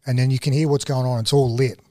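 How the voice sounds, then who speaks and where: Man telling a lively story. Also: mid-range voice, fast, no echo, clean studio sound. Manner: animated, slangy, swings into excited quoting. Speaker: guest. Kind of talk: casual storytelling.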